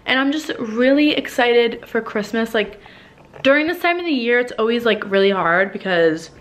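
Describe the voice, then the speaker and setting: Woman, 20s, from New Jersey, slightly high voice, breathless chatty vlogger with filler-heavy, sweary delivery. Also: lively intonation, moderate pace. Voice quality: frequent "like" fillers, swearing, emotional. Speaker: lifestyle vlogger. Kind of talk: casual chatty vlog monologue. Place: home living room.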